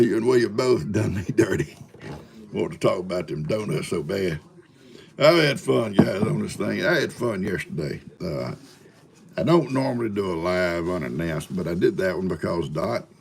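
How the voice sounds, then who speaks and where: An older man in his seventies chats on a live stream, spinning folksy farm stories and chuckling as he goes. His voice sits low with a gravelly rasp, and his pitch rises and falls in lively swoops. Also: moderate pace, slight background noise. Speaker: livestream host. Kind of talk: casual storytelling to live viewers.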